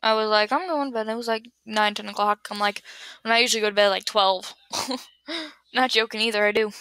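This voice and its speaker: A woman's voice: mid-range voice, steady tone, a little fast, bright, forceful tone, no echo. A young woman rambling casually to her webcam at home, giggling, losing her train of thought and restarting. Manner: giggly, scatterbrained, trails off and restarts. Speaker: vlogger answering would-you-rather questions. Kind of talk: casual rambling chat to camera. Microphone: built-in computer webcam mic.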